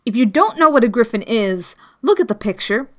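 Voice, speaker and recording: A woman reading a children's classic aloud as the narrator, slow and clear. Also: a little high, big pitch swings. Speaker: audiobook reader. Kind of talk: storybook narration.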